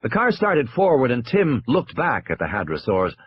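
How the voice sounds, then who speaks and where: A man narrates an audiobook at a steady storytelling pace, his slightly husky voice rising and falling with animated pitch. The recording is dry and somewhat muffled. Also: normal speed, no room sound.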